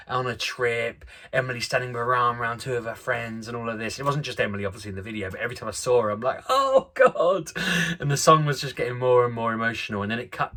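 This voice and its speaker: A man's voice: medium pitch, vocal fry, pushed and bright. A man in his thirties, a father vlogging, telling a family story in a chatty, self-deprecating way with frequent laughs. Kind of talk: casual storytelling chat.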